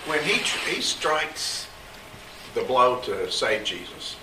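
A man's voice: medium pitch, big pitch swings, slow, noisy background. A man in a Bible class discussion, thoughtfully retelling scripture in plain words. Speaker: class member. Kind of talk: group discussion. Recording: roomy and distant from the mic.

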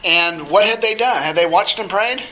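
A man's voice: sits high, crowd noise, rough recording. A man teaching a Bible study lesson, talking conversationally and putting questions to the class. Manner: conversational, asks the class questions, halting restarts.

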